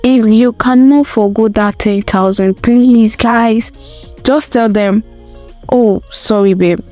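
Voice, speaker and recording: A woman's voice: fairly high pitch, fairly even intonation, slow pace, warm tone, soft background music. A young woman giving a casual opinion rant to camera, emphatic and repetitive, full of rhetorical questions. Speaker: vlogger.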